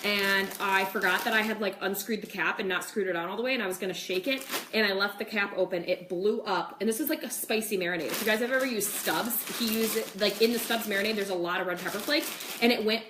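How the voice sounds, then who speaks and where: A woman's voice: medium pitch, quick pace. A young woman hosting a casual cooking demo in her home kitchen, chatting with viewers and saying "like" and "okay" a lot. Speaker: cooking show host. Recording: echoey kitchen with faint noise.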